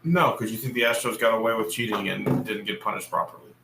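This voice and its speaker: A man's voice: fairly low pitch, fairly even intonation, fast, gravelly, bright, forceful tone. A man co-hosting a sports podcast, blunt, adding facts in long runs. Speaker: podcast co-host. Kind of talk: sports talk. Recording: roomy echo.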